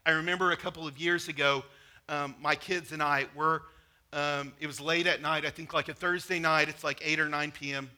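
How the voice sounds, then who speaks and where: Bright-voiced male pastor preaching casually. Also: fairly high pitch, fairly even intonation, fairly quick. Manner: conversational preaching with personal stories. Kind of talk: sermon.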